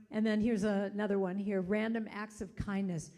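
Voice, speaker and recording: A woman giving an inspirational talk at a spiritual service, telling stories in a conversational, animated way. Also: mid-range voice, moderate pace. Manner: conversational and animated, acting out the people in her stories. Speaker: guest speaker at a spiritual center service.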